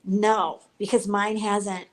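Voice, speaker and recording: A woman chatting casually on a livestream, telling stories in an animated way and quoting other people. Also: slow. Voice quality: voice gone lower than it used to be. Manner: animated storyteller, quotes others, laughs often.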